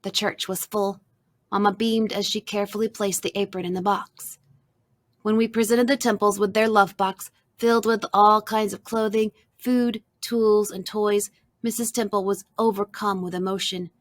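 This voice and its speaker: A woman reading a children's storybook aloud, narrating softly and expressively in the first person. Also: medium pitch, fairly even intonation, moderate pace, no room sound.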